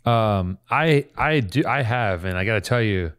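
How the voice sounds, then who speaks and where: A man hosting a comedy podcast, rambling through jokes and stories with mock-hype shouts. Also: fairly low pitch, animated, measured pace, clean tone. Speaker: podcast host.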